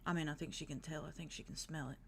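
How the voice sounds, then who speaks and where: A woman's voice: low voice, steady tone, quick pace, fairly bright tone, slight background noise. A woman running a tabletop role-playing game, describing what characters do in a laid-back, reassuring way. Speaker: game master. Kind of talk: casual tabletop game narration.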